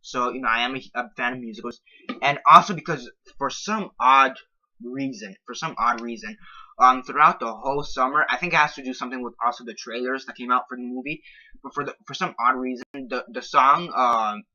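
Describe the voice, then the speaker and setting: A man talks through a casual movie review in a very bright, sharp-edged voice. He rambles, stumbles on words and keeps circling back to filler phrases. The sound is dull and lo-fi. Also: medium pitch, brisk. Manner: rambling, repeats "so yeah" with many ums.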